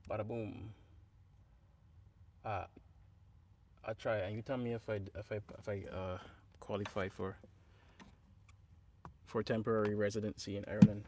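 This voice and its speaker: A man's voice: on the low side, level tone, moderate pace, long pauses, noisy background. A man, a singer-songwriter, chatting casually and jokingly with his livestream viewers, with lots of hesitations and fillers. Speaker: singer-songwriter streaming live. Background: guitar playing.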